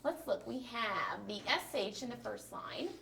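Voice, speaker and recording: A woman teacher leading a small group through a phonics lesson, patiently and encouragingly modeling each sound clearly. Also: on the high side, expressive, unhurried, bright, forceful tone. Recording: distant mic with faint noise.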